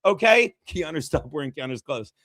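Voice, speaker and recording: A man co-hosting a gossip livestream, ranting fast and brashly with lots of swearing. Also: fairly high pitch, expressive, fairly bright tone, no room sound, studio quality. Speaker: livestream co-host.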